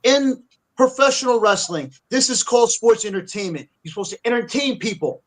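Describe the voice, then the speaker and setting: A middle-aged man with a fairly high voice rants on a wrestling podcast. He is furious and profane, and he stacks up insults as he vents. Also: brisk, low-quality recording. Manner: angry, profane ranting. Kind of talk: casual angry rant.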